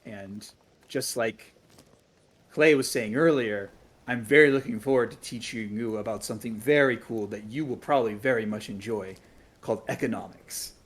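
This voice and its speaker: A man playing a tabletop game, speaking softly as his character in polite, trailing phrases. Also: medium pitch, normal speed. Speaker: player. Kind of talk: casual tabletop role-play.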